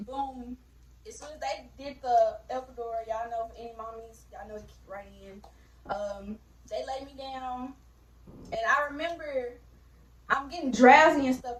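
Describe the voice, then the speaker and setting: A young woman casually telling her birth story to viewers, chatty, with lots of fillers, calling them y'all. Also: on the high side. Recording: roomy, distant mic.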